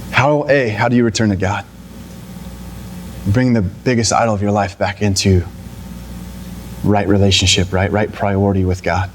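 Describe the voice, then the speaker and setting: A man's voice: on the low side, steady tone, moderate pace, long pauses, slight background noise. A young adult man preaching a sermon in a conversational way, often restarting and then climbing into emphatic, pleading passages. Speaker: pastor.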